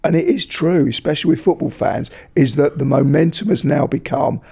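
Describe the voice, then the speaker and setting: A man co-hosting a football podcast, calmly offering reasoned counterpoints in the debate. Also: fairly high pitch, a little fast, gravelly, husky. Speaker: podcast co-host.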